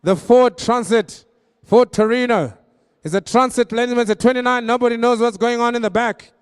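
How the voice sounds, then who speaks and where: A man working as an auctioneer, pitching vehicles with jokey patter and then rattling off bids in a rapid-fire auction chant. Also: fairly even intonation, clean tone. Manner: joking, high-energy patter with rapid-fire bidding calls.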